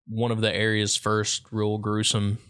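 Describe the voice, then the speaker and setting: A man co-hosting a casual podcast chat about local legends, telling stories in a relaxed, joking way. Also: fairly low pitch, unhurried, clean tone. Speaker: podcast co-host.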